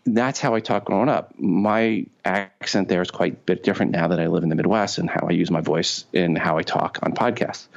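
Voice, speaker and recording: A man's voice: sits low, gravelly. A man with a New York accent co-hosting a podcast, chatting casually with repeated words and sarcastic asides. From Long Island, New York. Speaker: podcast co-host. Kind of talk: casual chat. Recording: dull lo-fi sound.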